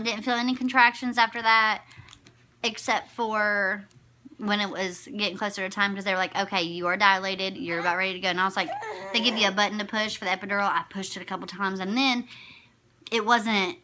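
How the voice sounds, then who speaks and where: A woman's voice: mid-range voice, bright, forceful tone. A young woman in her twenties, a new mother, telling her story to the camera in a chatty, rambling way, often correcting herself.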